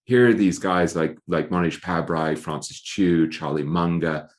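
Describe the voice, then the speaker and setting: A man's voice: deep voice, fairly even intonation, a little slow. A middle-aged man speaking as an author guest in an interview, thoughtful and often repeating words as he searches for phrasing. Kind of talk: conversational interview.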